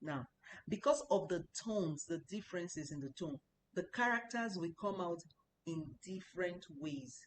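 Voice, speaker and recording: A woman's voice: lowish voice, lively intonation, normal speed, a little hiss or hum. A woman teaching a Chinese language lesson, explaining patiently and repeating sounds for practice. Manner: explanatory, repeats words for practice, chatty asides.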